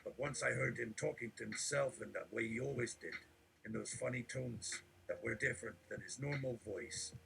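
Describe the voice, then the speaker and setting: A man reading absurd text aloud in a deadpan, mock-preachy delivery, with a gravelly voice. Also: medium pitch, slight background noise, rough recording.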